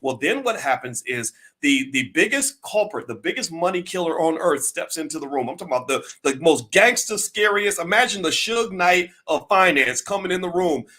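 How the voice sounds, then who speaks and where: A man giving an emphatic, preachy talk on finance, firing rhetorical questions and rising to near-shouts. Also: sits high. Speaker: finance commentator.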